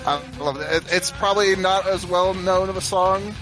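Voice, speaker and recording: A man's voice: high-pitched, normal speed, music in the background. A man in his twenties chatting casually as a podcast guest, swearing freely and stumbling over his words. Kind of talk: casual chat.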